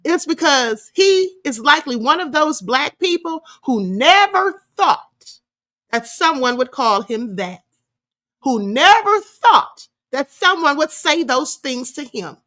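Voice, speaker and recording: Sassy high-voiced woman host. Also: sing-song, slow pace, sharp tone. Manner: sassy, scornful, laughing often. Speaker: livestream host. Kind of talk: casual live commentary reading chat.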